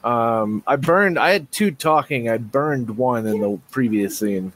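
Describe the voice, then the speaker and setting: A man's voice: medium pitch, lively intonation, unhurried, a bit bright, low-quality recording. A man with a mid-range voice playing a tabletop game. He thinks aloud with some hesitation as he works through his turn. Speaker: player. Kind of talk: casual tabletop game play.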